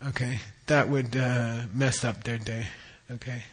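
A middle-aged man gives a dharma teaching in a relaxed, explanatory way. He repeats key words and keeps checking that listeners follow. His voice sits at an average pitch for a man. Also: husky. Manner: explains terms slowly, repeats words, asks "okay?". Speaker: Buddhist teacher.

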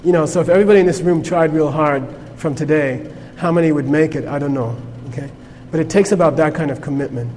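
A man with a somewhat high voice teaches a class in a loose, conversational way, often pausing to check in with his listeners. The room has long reverb and a faint hum of ambience behind him. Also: a little mellow. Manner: conversational, peppered with "okay?" checks. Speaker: Buddhist teacher. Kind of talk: informal class lecture.

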